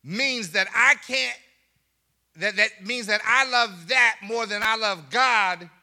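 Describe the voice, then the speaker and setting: A man's voice: sits high, takes it slowly, creaky, pushed and bright. A man preaching a sermon as pastor, with laughing asides and call and response to the congregation.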